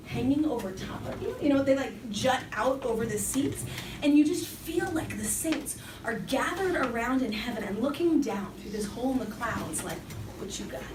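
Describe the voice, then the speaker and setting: Woman preaching to youth, high voice, chatty and jokey, roomy echo. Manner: casual, joking, chatty preaching. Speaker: speaker at a Catholic youth summer program. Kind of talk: faith talk to young people. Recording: echoey room, distant mic, background noise.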